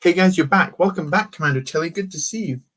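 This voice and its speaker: A man's voice: on the high side, fast, fairly bright tone. A young man chatting casually on a live stream as he builds, reading out chat messages with many fillers and restarts. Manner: rambling, reads chat aloud, many fillers.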